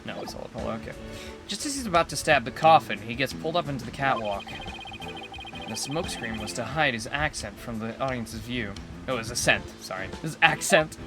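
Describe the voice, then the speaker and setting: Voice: mid-range voice, lively intonation, fairly quick, over music. A streamer casually commenting while playing a game, joking and crude.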